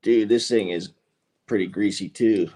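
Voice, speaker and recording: A man's voice: lowish voice, measured pace, warm tone, husky. A man, a guest grower, chatting casually and easygoing about his plants. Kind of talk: casual chat.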